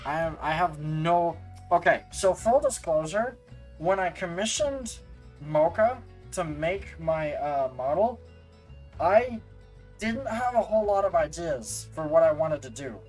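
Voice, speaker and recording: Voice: mid-range voice, animated, unhurried, low-quality recording. A streamer chatting casually during a game stream, rambling and self-mocking and repeating lines, over faint music.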